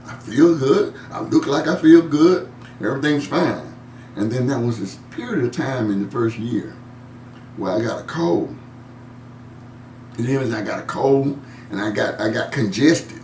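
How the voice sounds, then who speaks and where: A man teaching a Bible study in a loose, conversational way. He chuckles often, repeats words as he looks for his point, and reads scripture aloud before commenting on it. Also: medium pitch. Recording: echoey room, mic at a distance, faint hum.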